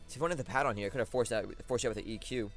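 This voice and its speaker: A young man giving live gameplay commentary, thinking aloud and talking to his opponent with excitable swings of energy. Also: medium pitch, racing, faint music behind. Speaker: competitive battle commentator.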